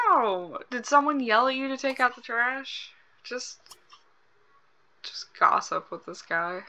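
A woman's voice: a little high, animated, measured pace, pushed and bright, a little hiss or hum, low-quality recording. A woman hosting a game let's play, chatting casually, swearing freely and reacting aloud to what happens on screen. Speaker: gaming channel host.

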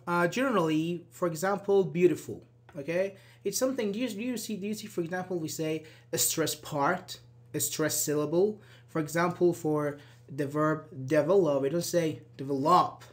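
A man teaching English grammar in a live online class, explaining step by step, repeating examples and answering viewers' questions as they come in. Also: on the high side. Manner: repeats examples and checks understanding.

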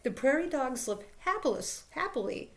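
Expressive woman reading a picture book. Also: high voice, moderate pace. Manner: expressive, playful emphasis. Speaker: teacher reading aloud. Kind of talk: children's picture book read-aloud.

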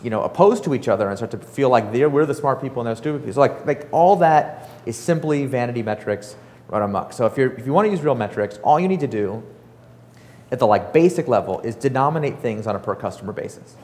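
Fast-talking man speaking in a reverberant hall. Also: mid-range voice. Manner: fast, animated, filler-heavy storytelling with acted-out quotes. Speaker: startup author and speaker. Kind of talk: casual talk before an audience.

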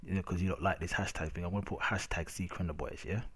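In a low, husky, slightly bright voice, a young Londoner rants about his gameplay clip, speaking fast with fairly even intonation. His casual talk is full of slang and constant "innit"s.

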